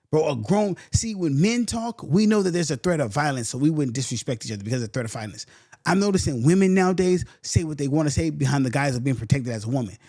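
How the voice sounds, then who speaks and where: A man's voice: on the high side, no echo, clean studio sound. A young man from San Antonio, telling a story on a podcast in a casual, heated, slangy way, with "bro" again and again. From San Antonio, Texas. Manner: animated, heated, slangy, says "bro" a lot. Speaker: podcast host.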